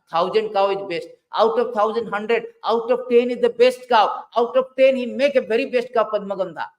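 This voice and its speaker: A man preaching a scripture class, animated, swinging from loud bursts to low asides and acting out quoted dialogue. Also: low-quality recording. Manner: quotes figures in dialogue, halting restarts.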